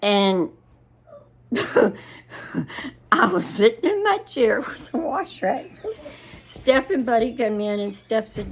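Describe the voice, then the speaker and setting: This older woman chats straight to her viewers in a loose, rambling way, breaking into giggles between sentences. Her voice sits a little high for a woman, and her telling is homely and unhurried. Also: animated. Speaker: vlog host. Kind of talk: casual chat to viewers.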